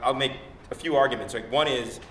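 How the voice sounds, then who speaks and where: A man on a discussion panel, arguing his point quickly with many restarts. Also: medium pitch, a bit bright. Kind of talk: conversational panel talk. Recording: echoey room, faint noise.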